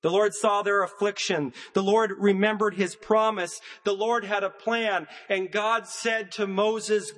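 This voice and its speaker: A man preaches a sermon in a high-pitched, fairly bright voice with a steady tone and measured cadence, hammering points home through repetition. The long reverb of a church sanctuary echoes around his words.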